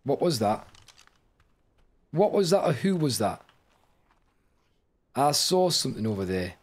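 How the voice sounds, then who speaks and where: A young man giving excitable gameplay commentary, often yelping and shouting in panic. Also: mid-range voice, measured pace, breathy edge. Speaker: gaming YouTuber.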